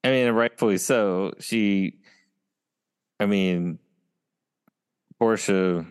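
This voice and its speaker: A man's voice: lowish voice, very slow, clean tone. A man co-hosting a casual TV recap chat, retelling scenes in a meandering way. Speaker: podcast co-host. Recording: long reverb.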